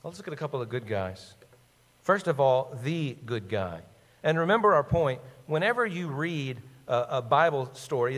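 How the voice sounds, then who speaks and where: A man with a fairly high voice preaches a sermon with emphatic, questioning delivery. His words ring out with a long reverb, as in a large hall. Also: a bit bright. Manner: emphatic, rhetorical questions, quotes scripture. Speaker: pastor.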